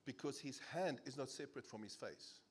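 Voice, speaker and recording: A South African-accented man preaching a sermon as pastor, animated and playful, laughing as he jokes with the congregation. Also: mid-range voice, fairly quick, breathy edge. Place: church service.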